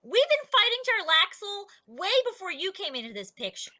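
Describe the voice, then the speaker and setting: A woman's voice: a little high, sing-song, unhurried, a loud crowd. A woman playing a suspicious adventurer who confronts a companion bluntly. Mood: defiant.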